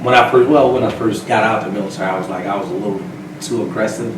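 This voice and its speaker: A middle-aged man speaks in a relaxed interview, animated and often laughing. He sits back from the mic, and his voice carries through a roomy space. Steady background noise sits under everything. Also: fairly low pitch, quick pace. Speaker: guest, realtor. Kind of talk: casual interview chat. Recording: roomy, distant, noisy.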